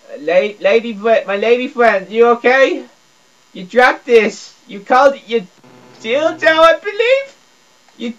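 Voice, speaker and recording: A man rambles through comedic gameplay commentary in a dopey, broken way, stuttering and repeating his words. His voice swings from a low mumble to a high squeal. The recording sounds dull and muffled, like a lo-fi mic. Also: fairly bright tone. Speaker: gameplay video creator.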